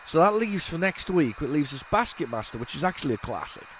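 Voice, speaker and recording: A man's voice: fairly high pitch, big pitch swings, quick pace, fairly bright tone, a little hiss or hum. A man hosting a retro gaming video, chatting casually and rambling as he loads old game tapes, with lots of restarts. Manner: rambling, waffling with many restarts. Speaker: retro gaming channel host. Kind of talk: casual commentary while loading old tapes.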